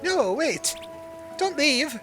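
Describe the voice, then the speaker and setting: A man's voice: very high voice, sing-song, drawn-out words, music in the background, pitched above the performer's own voice, exaggerated voice. A man voicing a frightened young prince in a video game, calling out anxiously and pleading.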